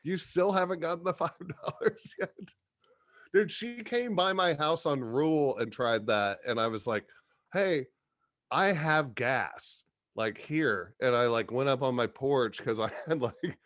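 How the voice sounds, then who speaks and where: A man's voice: mid-range voice, moderate pace, dry recording, clean studio sound. A middle-aged man telling rambling, profane stories in casual chat, often laughing as he talks. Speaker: podcast guest.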